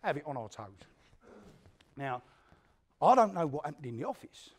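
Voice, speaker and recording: A hard London gangster, played by a man on stage, tells his war story in a coarse, swearing voice. He pitches a little higher than most men, and his voice swings widely up and down as he re-enacts every blow. He is spiteful and unrepentant. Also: very animated, normal speed. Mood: grim boasting. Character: hard, spiteful male London gangster recounting a brutal feud. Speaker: actor performing a stage monologue. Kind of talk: theatrical storytelling monologue.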